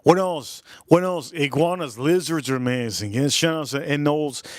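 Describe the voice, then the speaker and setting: A young man hosting a livestream, chatting casually and rambling excitedly from one topic to the next. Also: a little high, normal speed, no room sound. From South Florida. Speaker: livestream host.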